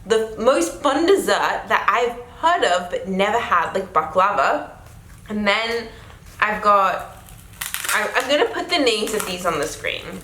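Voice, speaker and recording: A woman's voice: medium pitch, fairly bright tone, slight background noise. A young woman with a South African accent, chatting casually through a food taste-test vlog, exclaiming a lot. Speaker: vlogger. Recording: echoey room.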